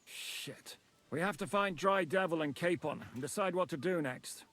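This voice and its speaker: Game dialogue: high-voiced, curt rebel commander who swears, dry close sound. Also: male voice, moderate pace, a bit bright, dry recording. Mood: grim. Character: blunt, cursing male rebel commander. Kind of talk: video game voice acting.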